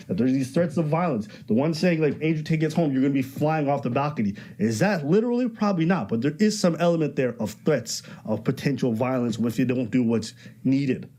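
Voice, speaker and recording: A man's voice: medium pitch, warm tone. A man giving blunt, profane commentary in a casual podcast chat.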